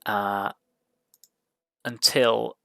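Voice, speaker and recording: A man running a tabletop game as game master, narrating in a hesitant way with many pauses and restarts. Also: fairly low pitch, level tone, gravelly, a bit bright, clean tone, dry recording, studio quality. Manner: hesitant, full of ums and restarts.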